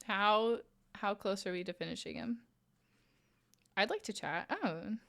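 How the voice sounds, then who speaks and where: A woman streamer chatting casually with her viewers while crocheting, playful and quick to laugh. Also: medium pitch, fairly bright tone. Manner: playful, laughs often, reads chat aloud.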